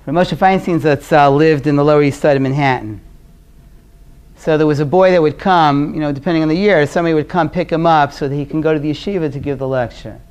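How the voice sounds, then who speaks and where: A man from Brooklyn, New York, giving a conversational class on parenting. He is earnest and often drops to a quiet, low voice as he tells stories. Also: fast talker, clean tone. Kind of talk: conversational lecture with storytelling.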